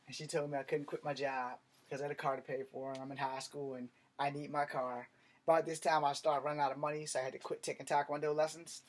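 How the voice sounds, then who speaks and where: A man telling a personal story in a blunt, profane, animated way. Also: on the high side. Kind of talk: casual storytelling monologue.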